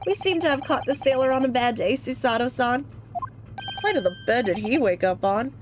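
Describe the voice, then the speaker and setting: A woman's voice: high voice, lively intonation, normal speed, noisy background. A woman doing a prim, lilting young assistant. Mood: wry. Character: prim young female assistant, gently wry.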